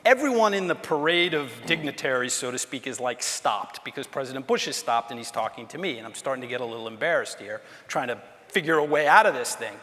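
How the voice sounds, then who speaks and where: Animated male storyteller in a reverberant lecture hall. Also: mid-range voice, quick pace, few pauses. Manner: animated storyteller, acts out quoted dialogue. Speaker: former presidential aide giving a lecture.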